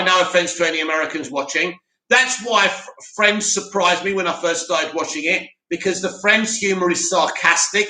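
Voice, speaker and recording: Casting: young South London guy, high, very bright voice, animated live-chat host, echoey room. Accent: South London English. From Bromley, England. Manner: animated, banter with chat, swears casually. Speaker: host of a live movie news stream. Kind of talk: casual live-stream chat reading comments.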